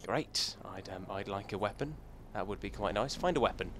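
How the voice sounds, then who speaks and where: A man with a fairly low, expressive voice talks at normal speed over some background noise. Hosting a gaming channel, he jokes and chats casually, thinking aloud as he gives gameplay commentary.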